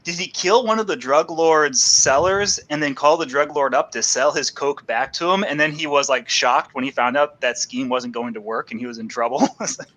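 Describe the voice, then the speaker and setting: A man's voice: on the high side, moderate pace, a bit bright, dull audio. A man co-hosting a casual movie podcast, joking and laughing often as he recaps scenes. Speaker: podcast co-host. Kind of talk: casual chat about movies.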